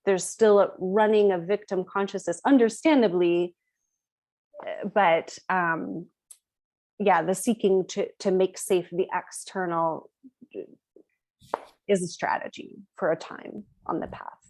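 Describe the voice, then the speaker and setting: A woman on a video call taking part in a roundtable, speaking reflectively and pausing to search for words. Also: fairly low pitch, steady tone, a little mellow. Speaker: roundtable participant. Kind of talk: casual group discussion.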